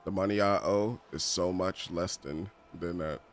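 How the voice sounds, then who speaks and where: A man's voice: deep voice, unhurried. A man streaming a game playthrough, chatting casually in slang, laughing often and reading game text aloud. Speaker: gaming streamer. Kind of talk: casual let's-play commentary.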